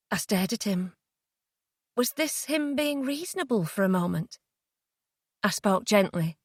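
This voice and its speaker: A woman reading a suspense audiobook in a measured, dramatic way on a close studio mic. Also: mid-range voice, no room sound. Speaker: audiobook narrator. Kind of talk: scripted narration.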